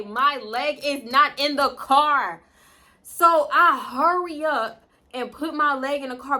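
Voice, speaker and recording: A woman in her twenties telling a storytime to her viewers in a blunt, profane and animated way, talking straight to the audience. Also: fairly high pitch. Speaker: storytime vlogger.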